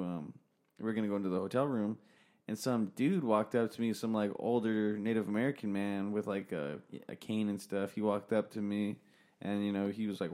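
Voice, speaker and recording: A man's voice: on the low side, darkish tone. A young man telling a story in casual chat, swearing a lot and laughing often. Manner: profane, laughing storyteller who swears constantly.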